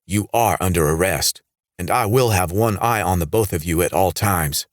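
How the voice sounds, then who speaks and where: A man's voice: sits low, normal speed, dry recording, clean studio sound, close to an everyday voice. A man voicing a stern police sergeant who barks orders and growls, in an audiobook. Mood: commanding. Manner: commanding, growling.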